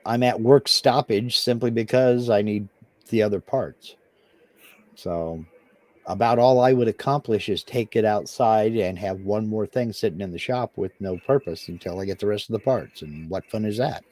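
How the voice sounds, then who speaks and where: A man's voice: lowish voice, normal speed, a little mellow, dry recording. A man co-hosting a live stream, chatting in a dry, laid-back way and reading viewer comments aloud. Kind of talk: casual live stream chat.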